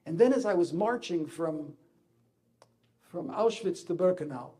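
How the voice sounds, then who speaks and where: Older Israeli-accented man, slightly high voice, mellow tone, halting speaker. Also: expressive. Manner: halting, searching for words, rising intensity in places. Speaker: ambassador giving a speech. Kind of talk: emotional personal speech.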